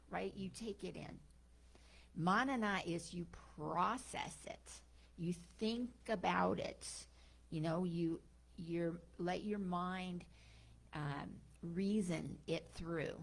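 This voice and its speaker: A woman's voice: fairly low pitch, creaky. A woman speaking at a spiritual service, telling a parable in a casual, improvised way with many fillers. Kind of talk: storytelling talk.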